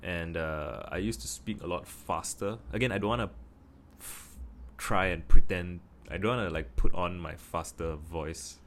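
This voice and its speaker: A young Singaporean man with a Singaporean accent, musing in a casual video monologue and deliberately speaking slowly from his chest. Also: fairly bright tone, a little hiss or hum. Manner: practicing a slow, deep, chest voice; thoughtful, many fillers and restarts. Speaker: vlogger.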